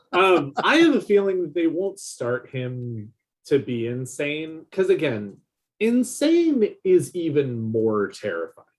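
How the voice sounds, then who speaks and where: Husky, slow, animated male podcaster. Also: a little high. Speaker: podcast co-host. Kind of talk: casual chat.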